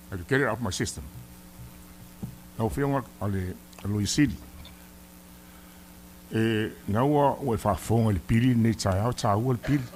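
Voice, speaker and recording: Stern Samoan-accented senator scolding in a chamber. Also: male voice, lowish voice, slight background noise. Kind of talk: formal hearing address. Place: legislative chamber.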